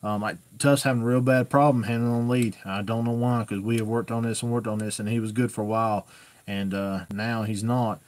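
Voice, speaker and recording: A man's voice: lowish voice, fairly even intonation, brisk, darkish tone, dry recording. A man hosting a casual live-stream Q&A, talking in a folksy, rambling, plainspoken way. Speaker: host answering viewer questions.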